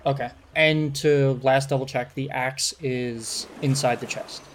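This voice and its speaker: Relaxed man narrating as game master. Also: mid-range voice, a little slow, slight background noise. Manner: descriptive, relaxed, many fillers.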